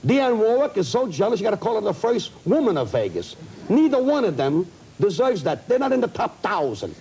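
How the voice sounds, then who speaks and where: Ranting comedian with a high, lively voice. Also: male voice, breathy edge, rough recording. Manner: indignant, ranting, rapid-fire complaints. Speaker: comedian guest. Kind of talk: heated talk show interview. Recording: old broadcast audio.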